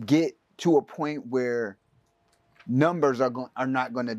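A man's voice: medium pitch, a little slow, a little mellow, no echo. A man co-hosting a podcast in casual chat, emphatic and slangy, repeating himself to drive his points home. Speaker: podcast co-host.

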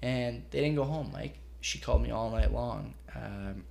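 A man with a gravelly, creaky voice telling a story casually on a podcast. He swears freely and stays animated as he spins the anecdote. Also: mid-range voice, normal speed. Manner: profane, animated retelling with acted quotes. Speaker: storyteller guest.

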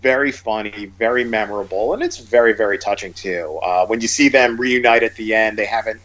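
A man's voice: fairly low pitch, a little fast, a bit bright. Rambling man chatting about films. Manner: rambling, many fillers and restarts. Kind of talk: casual chat about movies.

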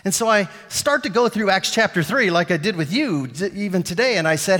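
A man preaching a sermon as a pastor, telling a story and acting out the lines of the people in it, getting louder and quieter as he goes. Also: high-pitched, fairly quick, few pauses, big-room sound. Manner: animated, acts out quotes with shifting volume.

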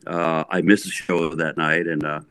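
A middle-aged man, a guest musician, telling a long story in a casual interview, rambling and animated with frequent restarts. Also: extremely low pitch, moderate pace, clear, resonant tone.

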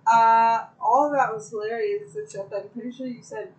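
A woman's voice: a little high, steady tone, moderate pace, muffled recording, soft background music. Opinionated woman rambling in casual chat.

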